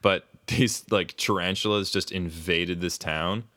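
A man's voice: sits low, steady tone, unhurried, pushed and bright. A man co-hosting a podcast in casual chat, rambling, swearing often and laughing mid-sentence. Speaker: podcast co-host.

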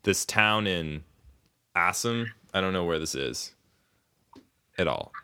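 On a podcast, a male co-host with a low, smooth, resonant voice rambles through casual chat, swearing often and laughing mid-sentence. His delivery is animated yet slow, with a bright, forceful edge to the tone.

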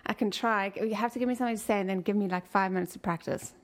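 A woman's voice: mid-range voice, steady tone, fast. A young woman with a South African accent, tipsy and easygoing, laughing often in casual chat.

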